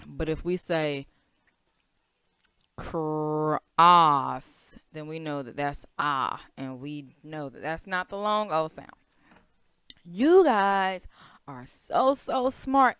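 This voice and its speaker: A woman's voice: lowish voice, a bit bright, smooth, dry recording, clean studio sound. A woman teaching a children's phonics lesson, stretching out vowel sounds and asking the class questions.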